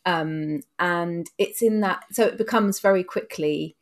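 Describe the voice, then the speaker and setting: A woman talks in a low-set voice, chatty and reflective. She goes over things in a lively, casual podcast way. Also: unhurried, slight background noise. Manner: chatty, reflective, animated retelling. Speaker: podcast co-host, teacher. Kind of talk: casual discussion.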